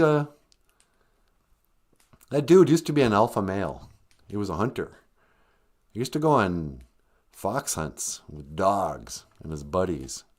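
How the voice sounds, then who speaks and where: A man's voice: lowish voice, darkish tone. A man hosting a live-stream podcast, rambling through a sarcastic, mock-grumpy comedic rant. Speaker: podcast host.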